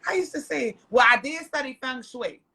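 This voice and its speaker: A woman tells stories as a podcast guest. Her voice sits high and sounds bright and forceful. She talks loudly and animatedly, swearing freely and breaking into laughter. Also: normal speed, creaky, breathy edge. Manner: loud, animated and profane, laughing often. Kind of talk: casual storytelling chat.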